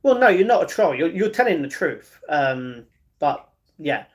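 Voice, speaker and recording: With a fairly high, sing-song voice, a livestream host reads out viewers' comments and responds to them. He is relaxed and chatty but halting, frequently tripping over words and starting his sentences again.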